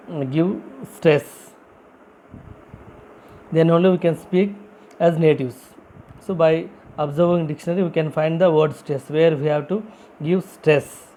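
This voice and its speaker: This vocabulary teacher, a man who is not a native English speaker, has a warm voice that sits on the high side. In a classroom-style lesson he explains step by step, answers his own questions, and repeats important phrases, while poor audio carries slight background noise.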